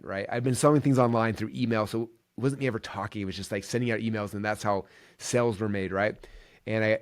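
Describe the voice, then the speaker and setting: A man hosting a podcast, telling stories in a casual, enthusiastic monologue full of "like" and "right". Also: lowish voice. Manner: energetic, enthusiastic, many fillers like "like" and "right". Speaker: podcast host.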